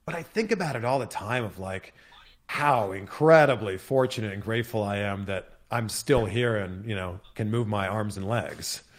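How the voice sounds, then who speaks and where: An American man, a podcast guest, telling a story in lively detail with many fillers. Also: lowish voice, normal speed. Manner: animated, vivid retelling with many fillers. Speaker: interview guest.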